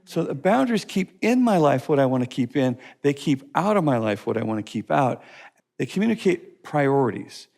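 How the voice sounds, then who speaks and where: A man's voice: mid-range voice, very animated, normal speed, gravelly, darkish tone. A man teaching a course session, speaking emphatically with repetition and stories. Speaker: teacher of a life-skills course. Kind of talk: teaching talk to a class.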